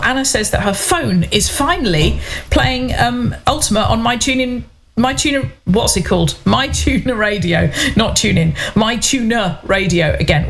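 A woman's voice: medium pitch, creaky. Chatty woman radio presenter. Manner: chatty, rambling, with laughing asides. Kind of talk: casual radio show presenting. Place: home bedroom with open door onto a landing.

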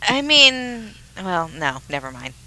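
A co-host in easy conversation, speaking slowly with drawn-out phrases that trail off. The voice is bright and moves over a wide, lively range of pitch. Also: poor audio. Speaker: podcast co-host. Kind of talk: casual chat.

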